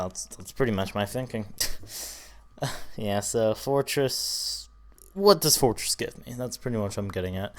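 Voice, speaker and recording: A tired young man talking casually through his team picks, rambling, swearing often and yawning. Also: medium pitch. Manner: casual and profane, rambling with fillers. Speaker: YouTuber doing a draft analysis. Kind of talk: casual commentary.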